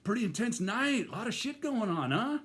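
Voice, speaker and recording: A man's voice: high voice, very animated, moderate pace, fairly bright tone, pitched above the performer's own voice. A man putting on the voice of a friendly guy making easygoing small talk. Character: smiling, friendly young man hanging outside a store.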